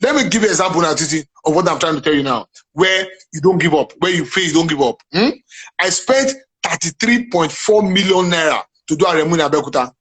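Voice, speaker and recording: A man's voice: fairly high pitch, lively intonation, fast talker, fairly bright tone, husky, rough recording. A man with a Nigerian accent talking as an interview guest, emphatic and preachy, often checking that he is understood. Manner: emphatic, preachy, repeats "are you getting me now". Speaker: guest, playwright and businessman. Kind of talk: animated interview chat.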